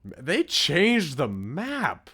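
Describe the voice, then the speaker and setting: A man's voice: a little high, huge pitch swings, extremely slow, fairly bright tone, breathy edge. An American man streaming a farming game, chatting in a rambling, jokey and crude way to his viewers. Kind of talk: casual gaming commentary.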